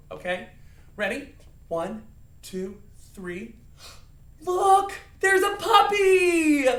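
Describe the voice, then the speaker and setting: Playfully acting out feelings and counting along, a man teaches acting to young children. His voice is high and slightly bright, captured on a distant mic in an echoey room where he's somewhat off-mic.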